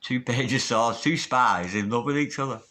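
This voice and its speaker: A man talking through a tarot reading at an ordinary pitch. His delivery is chatty and emphatic, and he drops the odd swear word in casually. It sounds like a relaxed, one-person reading spoken straight to the viewer. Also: normal speed. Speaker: tarot reader.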